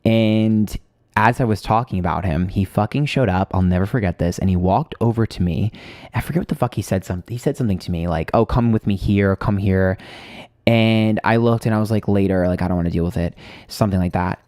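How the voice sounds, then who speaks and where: A man with a low-pitched voice chats on a casual livestream. He tells a personal story in a loose, rambling way and swears freely. The sound is dry and close. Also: fairly quick, a little mellow, no room sound. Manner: chatty storytelling, swears freely, greets viewers. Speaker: livestream host.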